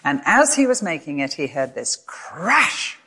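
An older woman giving a sermon, telling a story with expressive voices for the people in it. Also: low-pitched, unhurried, breathy edge. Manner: expressive storyteller, acts out voices in her stories. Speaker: Bible teacher.

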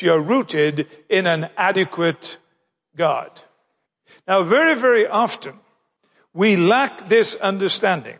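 A man preaching a sermon, slowing down and stressing key phrases as he builds his points. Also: high voice, a bit bright, in a large hall.

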